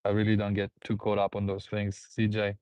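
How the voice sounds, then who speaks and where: A man's voice: fairly low pitch, completely flat delivery, fairly quick, a little mellow, clear, resonant tone, dry recording. A man hosting a live stream, rambling through viewer comments, laughing and repeating himself. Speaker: host. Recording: dull, dry lo-fi sound.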